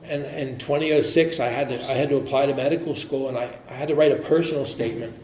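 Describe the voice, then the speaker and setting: A man speaking as an AA speaker, telling his personal recovery story in an earnest, halting way with frequent restarts. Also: medium pitch, fairly even intonation, a little mellow. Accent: American. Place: meeting hall. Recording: echoey room with faint noise.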